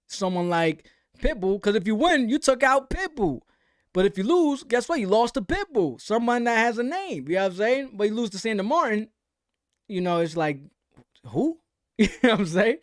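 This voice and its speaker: A man's voice: sits high, dry recording, clean studio sound. A young American man hosting a live stream. He chats casually and loosely about boxing, full of slang and repeated fillers. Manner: loose, slangy, repeats "you know what I'm saying". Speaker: livestream host. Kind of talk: casual live chat reading viewer comments.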